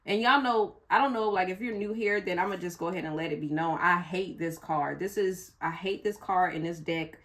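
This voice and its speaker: A woman's voice: lowish voice, fairly quick, hardly any pauses, fairly bright tone. A woman reading tarot cards for viewers in a casual, emotional way, cursing freely as she goes. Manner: blunt, emotional, curses freely. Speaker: tarot reader.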